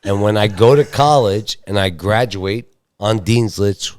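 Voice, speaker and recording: A young man from Pennsylvania telling stories with his father in a casual podcast chat, animated and swearing freely. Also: fairly low pitch, measured pace, no echo. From Lehigh Valley, Pennsylvania. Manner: profane, animated, laughing storyteller. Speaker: son of the host, guest.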